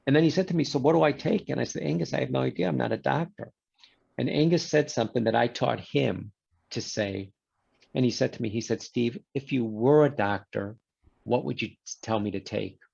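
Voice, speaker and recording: A man's voice: mid-range voice, brisk, vocal fry, husky, lo-fi sound. A man, a guest in a conversation, telling a story and acting out the quoted exchanges. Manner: animated storyteller who voices quoted exchanges.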